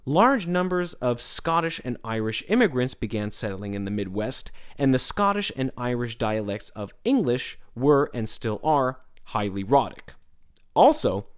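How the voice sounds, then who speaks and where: A man hosting an educational podcast, reading a scripted explanation in a measured way. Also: mid-range voice, clear, resonant tone. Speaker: podcast host.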